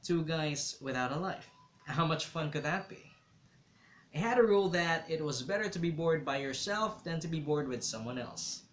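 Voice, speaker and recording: A man's voice: a little high, animated, moderate pace, fairly bright tone, slight background noise. A man reading a novel aloud, telling the story in a reflective first-person way. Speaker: reader. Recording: roomy echo.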